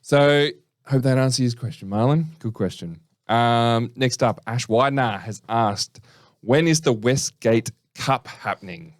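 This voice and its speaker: A man's voice: mid-range voice, measured pace, no echo, studio quality. An Australian man co-hosting a podcast, chatty and joking as he tells stories and answers listener questions. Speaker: podcast co-host. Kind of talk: casual podcast chat.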